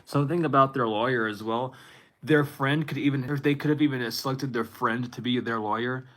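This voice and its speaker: Bright-voiced young man giving a reading. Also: medium pitch, brisk. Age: 20s. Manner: rambling, self-interrupting, laughs at himself. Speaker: tarot reader. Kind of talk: casual spiritual reading to viewers.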